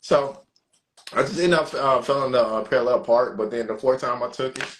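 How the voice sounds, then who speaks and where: A man telling a story on a podcast in a casual, animated way, swearing freely and acting out the people he quotes. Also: mid-range voice, fairly quick, a little hiss or hum. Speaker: podcast co-host.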